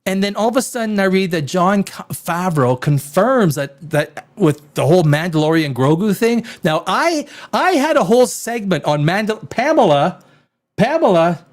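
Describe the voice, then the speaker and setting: A man hosting a rowdy live stream, loud and rambling, swearing and reading chat comments aloud, a little tipsy from wine. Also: high voice, moderate pace. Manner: animated, swings between shouting and muttering. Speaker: live show host.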